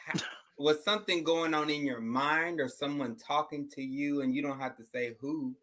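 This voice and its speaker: Man, livestream caller, bright tone, confused and probing. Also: on the high side, steady tone, normal speed. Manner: puzzled, asking careful questions. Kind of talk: casual chat.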